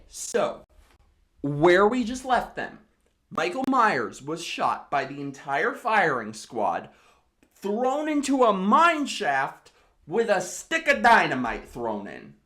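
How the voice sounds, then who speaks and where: A tipsy woman hosting a drunk comedic movie recap, telling it in an animated way with lots of swearing and exclamations. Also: on the low side, takes it slowly. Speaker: host.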